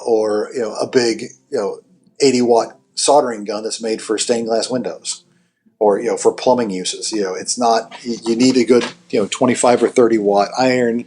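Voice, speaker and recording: On a laid-back technical podcast, a guest who builds amps discusses making and fixing guitar gear. His voice is fairly low and darkish in tone, and he often restarts his thoughts and leans on "you know" fillers.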